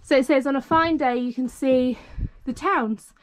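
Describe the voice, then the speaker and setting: A woman's voice: sits high, normal speed. A woman, chatting casually and rambling with plenty of fillers as a travel vlogger. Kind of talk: casual vlog narration. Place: outdoors on walks and in a car. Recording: muffled camera audio with loud background noise.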